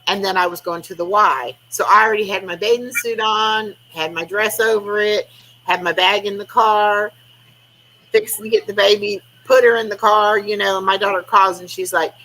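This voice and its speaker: A woman's voice: mid-range voice, fairly even intonation, moderate pace, bright, forceful tone, rough recording. An older woman, chatting casually on a live stream over a video call and acting out conversations as she tells stories. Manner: chatty storytelling, acting out quoted talk. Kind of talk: casual chat.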